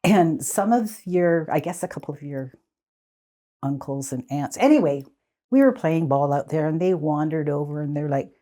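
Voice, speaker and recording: A woman in her seventies from the Squamish Nation, telling childhood stories in a relaxed interview, often laughing. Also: deep voice, normal speed. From Squamish Nation, Canada. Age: 70s. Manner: animated, laughing, restarts sentences. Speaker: community elder guest. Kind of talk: conversational storytelling.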